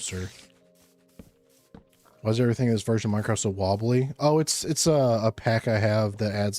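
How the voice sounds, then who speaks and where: A man streaming a block-building game, chatting casually with his chat in a laid-back, rambling way and thinking aloud between pauses. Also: fairly low pitch, darkish tone. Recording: faint music underneath.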